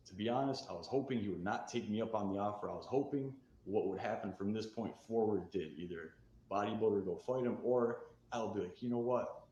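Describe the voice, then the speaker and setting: A man telling a candid story about his past addiction and recovery, getting fired up and swearing as he acts out what was shouted. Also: lowish voice, fairly quick, echoey room, lo-fi sound, slight background noise.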